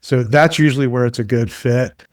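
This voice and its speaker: A man speaking as a guest in an interview, spinning relaxed stories with plenty of ums and uhs. His voice sits at an ordinary middle pitch. The sound is dry and close, with no room around it. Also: normal speed, dry recording. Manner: relaxed anecdotal storyteller with frequent fillers. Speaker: guest expert. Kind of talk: conversational storytelling interview.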